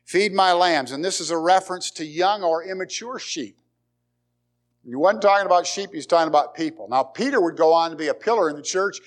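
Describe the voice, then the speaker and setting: A male pastor preaching a sermon in a fairly high voice. He speaks emphatically, repeats key words and throws rhetorical questions at his listeners. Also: a little fast.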